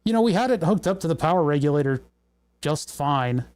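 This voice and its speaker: Young guy on a livestream fixing a circuit, kinda high voice but mellow, mutters and cusses when stuff breaks. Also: lively intonation, brisk. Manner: muttering, troubleshooting aloud, swearing in frustration. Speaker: livestream host. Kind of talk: casual livestream electronics tinkering.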